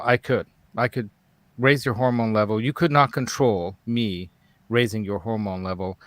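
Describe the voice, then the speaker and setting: A man's voice: fairly low pitch, no echo. A man hosting a casual live talk show, rambling and digressive and laughing often. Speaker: host. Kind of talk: casual livestream chat.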